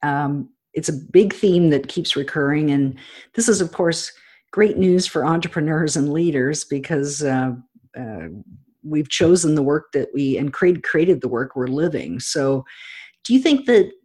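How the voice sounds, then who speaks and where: A woman hosting an interview, asking thoughtful questions in a halting way with fillers. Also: deep voice, expressive, a little mellow, slightly rough. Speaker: interview host. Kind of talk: interview conversation.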